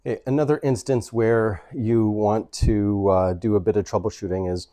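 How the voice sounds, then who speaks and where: With a lowish, dark-toned voice, fairly even intonation and normal speed, a man hosts a casual camera tutorial for his photography channel, indoors at home near a couch. He explains each step and regularly checks in by asking "right?". The recording is dry.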